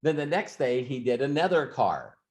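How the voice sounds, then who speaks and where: A man's voice: mid-range voice, very animated, normal speed. A man hosting an ask-me-anything session, telling stories and giving advice in a loose, rambling way with many restarts and asides. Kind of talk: casual storytelling and advice.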